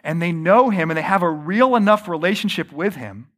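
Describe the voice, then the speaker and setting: A man preaching a sermon, often slowing down to stress his points and calling the listeners friends. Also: high-pitched, expressive. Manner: varies pace and loudness, slows for emphasis. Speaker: pastor.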